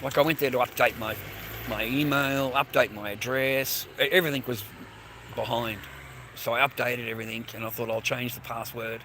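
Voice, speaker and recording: A man's voice: mid-range voice, fairly even intonation, normal speed. An Australian man rambling crudely on a livestream from a train station, swearing constantly and greeting viewers by name. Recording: faint street noise.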